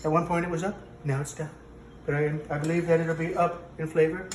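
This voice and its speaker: A man's voice: on the high side, little pitch movement, fairly quick, slight background noise, lightly acted. A man playing a boastful, rambling president who hosts a cooking show in a comic parody, talking in a kitchen. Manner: bragging, rambling, self-contradicting. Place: home kitchen. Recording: echoey kitchen, mic from a distance.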